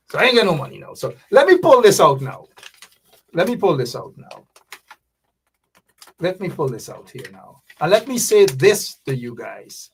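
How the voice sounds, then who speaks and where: A man's voice: sing-song, normal speed, long pauses, slight background noise. A man hosting an opinionated live commentary show, emphatic and repeating his points. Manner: emphatic, repeats phrases, mock-sings, drops into low mutters. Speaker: talk show host.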